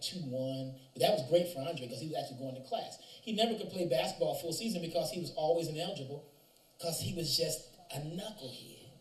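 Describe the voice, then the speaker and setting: A man preaching at a chapel service, telling a long story with animated delivery and acting out the voices of the people in it. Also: fairly high pitch. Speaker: chapel speaker. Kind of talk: storytelling sermon. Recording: roomy echo from distance, faint ambience.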